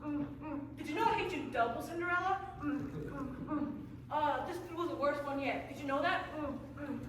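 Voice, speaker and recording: A woman acting out a mean young stepsister in a stage farce, high-voiced and gleefully mocking. She is heard from across a very echoey hall, with room noise clearly behind. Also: brisk, lightly acted. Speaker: stage actor. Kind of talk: live stage comedy. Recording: echoey live stage from far off.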